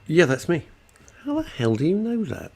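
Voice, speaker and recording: A man co-hosting a radio show, his voice gravelly and his pitch leaping all over the place. He banters sarcastically with his co-host and mocks the listener messages he reads out. It sounds like a studio microphone. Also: huge pitch swings, moderate pace.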